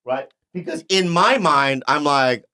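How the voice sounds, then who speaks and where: A man's voice: fairly high pitch, unhurried, pushed and bright. A man in a casual podcast chat, animatedly telling a story and often stammering as he acts out the scene.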